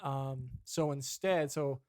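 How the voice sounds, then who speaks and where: A man's voice: mid-range voice, fairly even intonation, slow pace, darkish tone, no room sound, studio quality. A young man co-hosting a podcast, chatting casually and telling a rambling, profane story about his dad. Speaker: podcast co-host. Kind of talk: casual chat.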